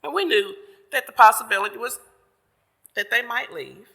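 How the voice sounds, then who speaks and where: A man telling a sermon story in a folksy, chatty way, paraphrasing as he goes. His voice is fairly high, gravelly and bright. A long church reverb hangs after his words. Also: expressive, normal speed. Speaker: church member giving the message.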